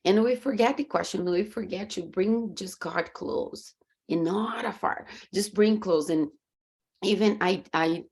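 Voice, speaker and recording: Speaking a little slowly at medium pitch, a woman with a slightly rough voice and a Brazilian Portuguese accent tells stories over a video call. She is a podcast guest and coach, earnest and faith-driven, and she animatedly acts out her own reactions in this conversational interview.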